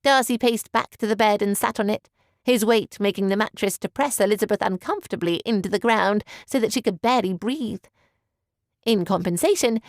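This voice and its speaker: Woman reading an audiobook, steady and even, gravelly voice, dry close sound. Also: medium pitch, no room sound. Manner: measured, even storytelling. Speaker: audiobook narrator. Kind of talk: scripted narration.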